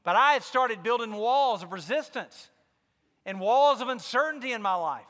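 A man's voice: extremely high pitch, animated, moderate pace, a bit bright, in a large hall. A man preaching a sermon as pastor, telling a personal story with candid asides and building to fervent emphasis.

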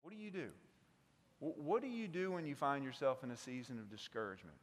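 A man with a South Mississippi accent preaching a sermon, swinging between loud passion and hushed intensity. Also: medium pitch, fast, big-room sound. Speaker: pastor.

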